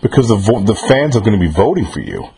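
A man in his fifties hosts a relaxed interview, backing up his guest with warm agreement. His voice sits a little low, and he circles back over his words while he finds them. It sounds like a radio broadcast. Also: quick pace. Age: 50s. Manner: affirming, repeats himself while searching for words. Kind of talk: casual interview.

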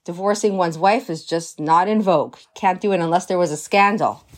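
A woman giving a religious lesson, with animated, conversational storytelling. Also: lowish voice, brisk. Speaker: Torah teacher.

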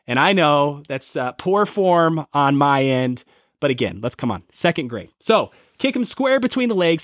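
A man with a somewhat high voice tells a personal story in an earnest, conversational podcast style. He poses questions to his listeners as he goes. The sound is close and dry, with no room around it. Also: a bit bright, dry recording. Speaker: podcast host. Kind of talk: storytelling monologue.

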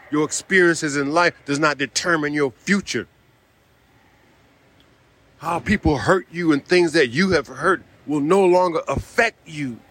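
A man's voice: fairly high pitch, a bit bright. A man preaching a sermon, speaking emphatically, repeating key phrases and dropping in a frequent "see".

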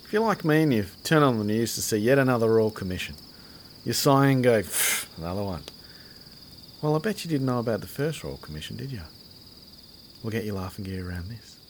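A man's voice: mid-range voice, expressive, fast talker, a little hiss or hum. A man with an Australian accent doing a comic sketch, blustering through announcements like a pompous official. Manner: hammy, blustering, over-the-top announcer. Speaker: comedic sketch narrator playing an official.

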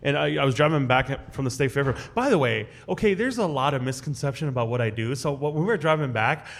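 A man spins a casual story for a live crowd, his voice rising and dipping as he acts out the people in it. He talks at an easy, conversational clip, warm and open with the room. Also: fast talker, creaky. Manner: animated, acts out quoted voices with big jumps in pitch. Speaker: guest storyteller on a live podcast show. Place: live event at a restaurant.

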